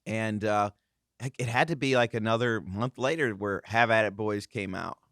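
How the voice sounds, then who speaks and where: A man in his thirties telling a casual, animated story on a podcast, acting out the voices of the people in it. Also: fairly low pitch, moderate pace, no room sound, clean studio sound. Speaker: guest host, former racing driver.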